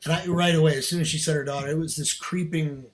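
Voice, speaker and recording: A man guest on a podcast telling a personal story in casual, earnest talk, animated and laughing now and then. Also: fairly high pitch, fast, slight background noise.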